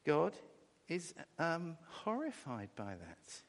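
A man preaching a sermon, animated and halting, acting out horrified cries, with many restarts. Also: on the high side. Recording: long reverb of a large hall.

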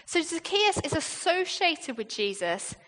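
A woman's voice: very high-pitched, very animated, measured pace, fairly bright tone. A British woman preaching a sermon in a conversational way, often asking her listeners rhetorical questions. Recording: long reverb of a large hall.

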